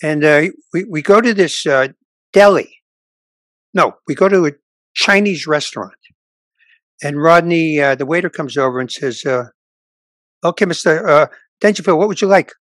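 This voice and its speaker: An older stand-up comedian, speaking at normal speed with long pauses, tells stories in an informal interview. His voice is a little high, there's no room sound, and he brings quoted people to life by doing their voices.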